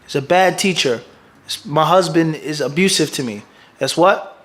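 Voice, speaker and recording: A man's voice: on the high side, normal speed, a bit bright. A middle-aged man, a mufti, gives a religious lecture to a class. He keeps leaving blanks for the listeners to fill in and checks that they follow him. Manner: quizzes listeners with fill-in "what?" prompts; keeps checking "everybody understand this?". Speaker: mufti teaching a hadith class.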